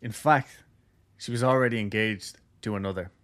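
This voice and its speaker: A man's voice: lowish voice, normal speed, fairly bright tone. A man hosting a podcast, casually telling a ghost story with lots of jokes and filler words. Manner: loose, jokey, heavy use of "like".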